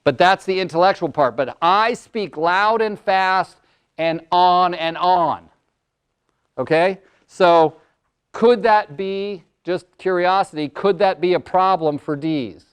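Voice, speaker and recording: An older man giving a lively workshop talk, loud and fast with many words. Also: high-pitched, smooth. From California. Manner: energetic, talks loud and fast with lots of words. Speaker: motivational speaker and coach. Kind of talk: live workshop presentation.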